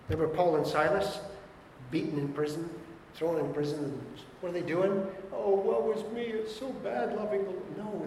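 Exhorting pastor in an echoey hall. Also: male voice, fairly high pitch, darkish tone, a little hiss or hum. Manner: emphatic and exhorting, with repeated short urgings. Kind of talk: sermon. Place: church hall. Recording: echoey church hall with long reverb.

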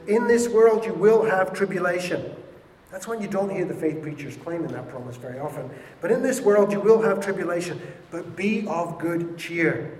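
Male pastor, emphatic sermon delivery, slightly high voice, long hall reverb with faint room noise. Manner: emphatic, repeats words for stress. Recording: echoey hall with faint ambience.

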